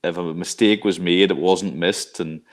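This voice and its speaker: A man's voice: deep voice, steady tone, normal speed. A middle-aged man from Ireland, a college coach, talking things over reflectively with lots of fillers and restarts. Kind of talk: casual interview talk.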